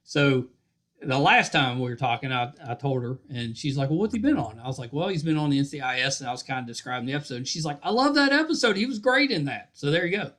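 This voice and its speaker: A man's voice: medium pitch, fast talker, fairly bright tone. A man hosting a podcast interview, friendly and affirming, asking follow-up questions. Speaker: podcast host. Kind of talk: casual interview.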